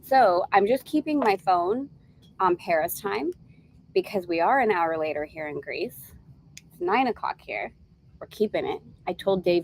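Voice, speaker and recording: This woman, a spiritual course teacher, is indoors while travelling in Greece and runs a live online lesson, talking casually with her viewers between readings. She speaks unhurriedly in a lowish voice with lively intonation, making warm asides and breaking into laughter. A slight hiss or hum runs under the poor-quality recording.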